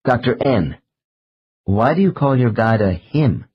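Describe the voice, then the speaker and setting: A man narrating an audiobook in a measured, slow reading of case transcripts. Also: medium pitch, expressive, breathy edge, lo-fi sound. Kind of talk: scripted narration.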